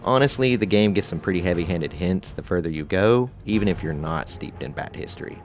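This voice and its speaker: A man narrating a scripted video game review in a relaxed, conversational way with casual asides. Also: deep voice, a little fast, soft background music.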